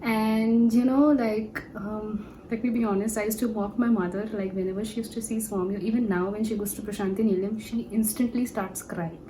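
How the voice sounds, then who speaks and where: A woman's voice: mid-range voice, steady tone, moderate pace, few pauses, dark tone, slight background noise, poor audio. A young woman from India sharing an earnest personal testimony, telling her story with many fillers. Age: young adult.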